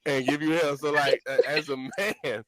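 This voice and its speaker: A man's voice: fairly high pitch, steady tone, moderate pace, a loud crowd, rough recording. A man hosting a podcast in casual chat, playful as he leads a game of set scenarios. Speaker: podcast host.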